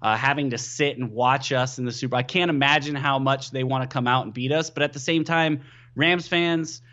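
Excitable man on a lo-fi line. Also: medium pitch, a little fast. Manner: excitable, animated storytelling with many fillers. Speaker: podcast guest, team analyst. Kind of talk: casual sports podcast chat.

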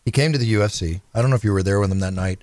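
A man with a lower voice hosting an interview and talking quickly. He tells eager stories and asks his guests questions. The sound is dry and close. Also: a little mellow, dry recording. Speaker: podcast host.

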